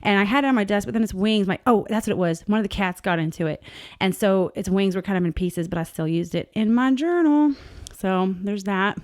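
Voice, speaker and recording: A middle-aged woman talks through her art journal in a relaxed, rambling way, warm and heartfelt. Her y'all-filled chat moves from page to page like she's with a friend. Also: medium pitch, fairly quick. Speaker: journaling artist, channel host.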